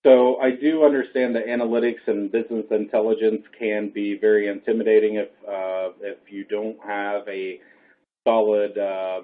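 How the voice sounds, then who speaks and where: A man speaking as a professor in a webinar, reassuring and explaining step by step, with a hoarse voice that is going. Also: lowish voice. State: losing his voice. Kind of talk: webinar answer. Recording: phone-like line.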